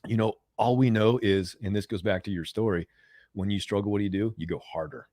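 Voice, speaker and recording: American man, 40s, interview guest coach; animated storyteller who repeats himself, low-ish voice, dry mic. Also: brisk, no echo. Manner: animated, repeats words, acts out quoted voices loudly. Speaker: mental performance coach, guest.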